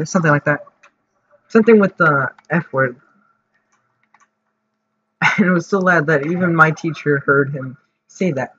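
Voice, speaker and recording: Slow rambling guy, bright voice. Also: on the high side. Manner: rambling, hesitant, with many fillers and restarts. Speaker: vlogger. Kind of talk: casual storytelling. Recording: dull lo-fi audio with faint noise.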